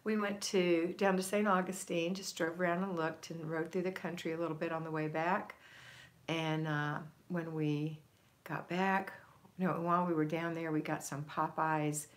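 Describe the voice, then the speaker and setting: A woman's voice: low-pitched, steady tone, moderate pace. Chatty woman hosting an evening livestream. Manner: chatty, greets viewers by name. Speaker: host. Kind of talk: casual livestream chat.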